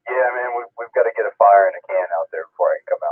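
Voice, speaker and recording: A man's voice: on the low side, very fast. A man calling in to an amateur radio net, chatting in an easygoing way. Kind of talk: casual radio chat. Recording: tinny radio transmission.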